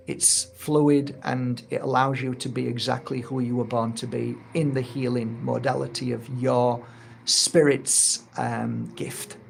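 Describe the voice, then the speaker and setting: A man's voice: mid-range voice, vocal fry, slight background noise. A middle-aged man who teaches energy healing and founded his own course, talking in a casual, earnest and heartfelt monologue. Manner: earnest and heartfelt, acts out little quoted exchanges. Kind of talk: casual spoken monologue to camera.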